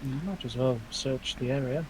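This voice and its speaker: A man's voice: mid-range voice, normal speed, noisy background. Inquisitive man at the game table. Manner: inquisitive, asking about the route. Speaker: player.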